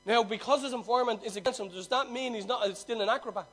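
A man preaches through a long parable in a high voice. He punches some points loudly and lets others drop almost to a hush. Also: quick pace. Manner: swings from loud emphasis to near-hushed telling. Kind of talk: sermon storytelling.

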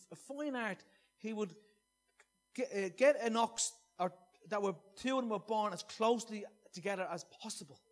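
Male preacher, high voice, earnest, loud emphatic bursts, hushed soft readings. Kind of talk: sermon.

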